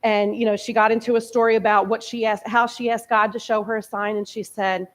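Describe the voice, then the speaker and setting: A guest speaker in her early forties shares her personal testimony in a church sanctuary, candid and emotional yet conversational. Her voice is a little high, her delivery flat, and her pace slightly quick.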